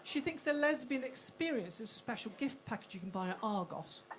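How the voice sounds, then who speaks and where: A woman's voice: a little high, lively intonation, fairly quick, very noisy. A woman doing a stand-up comedy set on a club stage, brash and punchy with self-mocking asides.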